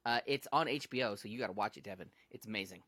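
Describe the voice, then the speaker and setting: Bright-voiced man joking on a podcast. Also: lowish voice, rapid-fire, dry recording. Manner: jokey, tells movie stories animatedly. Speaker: podcast co-host. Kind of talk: casual chat.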